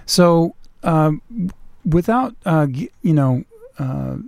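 A male radio host in casual conversation, stumbling through his questions with many fillers. His voice sits on the higher side and the studio sound is dry and close. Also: lively intonation, creaky, darkish tone, dry recording. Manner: halting, full of fillers. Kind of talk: casual chat.

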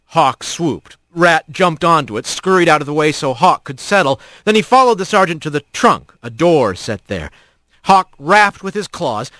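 A man narrating an animal story in an expressive storytelling way. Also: a little high, dry recording. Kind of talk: scripted narration.

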